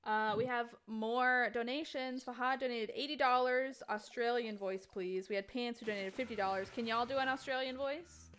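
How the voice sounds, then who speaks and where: A woman's voice: on the high side, fairly even intonation, moderate pace, hardly any pauses, a bit bright, clean tone. A woman hosting a charity game stream, chatting casually and reading out donations in a giggly, chatty way.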